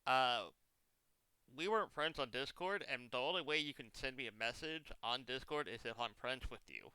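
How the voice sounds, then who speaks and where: A man's voice: mid-range voice, lively intonation, moderate pace, sharp tone, clean tone, dry recording. A young man chatting casually as a streamer, telling long comic stories with exaggerated quoted lines. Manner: rambling comic storytelling, exaggerated quoted voices. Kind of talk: casual chat.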